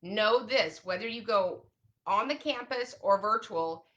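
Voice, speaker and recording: A woman's voice: medium pitch, muffled recording. A woman who advises families on special education, talking straight to camera in a chatty way and acting out little quoted asides. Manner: chatty, lively, acts out parents and kids in quick asides. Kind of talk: direct-to-camera advice talk.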